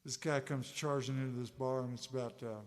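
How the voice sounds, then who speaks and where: A man on a concert stage, telling jokes between songs in a slow, laid-back storytelling way. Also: mid-range voice, steady tone. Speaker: singer-songwriter on stage. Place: music hall stage, live concert.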